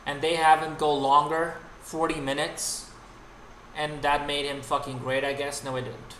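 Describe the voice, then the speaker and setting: A man's voice: fairly high pitch, flat delivery, moderate pace, a bit bright. Man, livestream rant, profane and exasperated, faint background noise, echoey room. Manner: profane, exasperated ranting with frequent restarts. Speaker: streamer and host.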